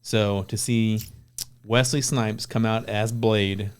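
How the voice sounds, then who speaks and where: A man's voice: on the low side, steady tone, slow pace, clean tone. A man co-hosting a podcast, chatting casually about a movie in an agreeable, laid-back way. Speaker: podcast co-host. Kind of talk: casual movie review chat.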